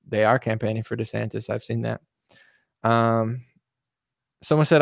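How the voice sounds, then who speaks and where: A man's voice: medium pitch, measured pace, gravelly, long pauses, no room sound, studio quality. A young man hosting a casual livestream, reading viewer comments aloud and answering them with sarcastic mockery. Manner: sarcastic, mocking, jumps into impressions.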